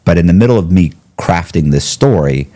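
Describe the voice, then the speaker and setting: Deep-voiced man telling his story. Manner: lively retelling with quoted dialogue and quick restarts. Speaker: podcast guest. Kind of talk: storytelling in conversation.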